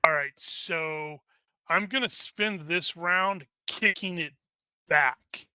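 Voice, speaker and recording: A man's voice: fairly high pitch, takes it slowly, bright, forceful tone, clean tone, no room sound. A man playing in a tabletop role-playing game, joking and playful as he talks through his moves. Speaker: player. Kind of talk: casual tabletop play.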